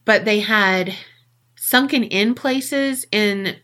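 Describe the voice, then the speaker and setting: Podcast lady telling a creepy story, bright forceful voice, chatty n swears a lot. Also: mid-range voice, extremely slow. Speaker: podcast co-host. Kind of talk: casual storytelling.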